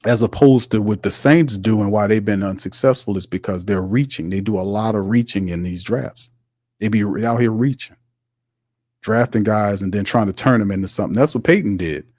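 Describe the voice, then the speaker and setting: A man's voice: fairly low pitch, a little fast, darkish tone, no echo, studio quality. A man hosting sports commentary, ranting heatedly and repeating his points. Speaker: host.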